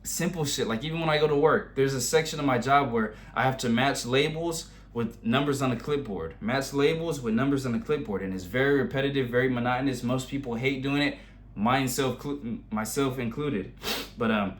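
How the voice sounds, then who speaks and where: A young man in his twenties talks straight to the camera in a casual motivational monologue, his voice sitting at an ordinary middle pitch. He is blunt and swears freely, leaning on street slang. He grows emphatic and intense whenever he drives a point home. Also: fairly quick. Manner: rising, intense when making a point. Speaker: vlogger giving motivational advice.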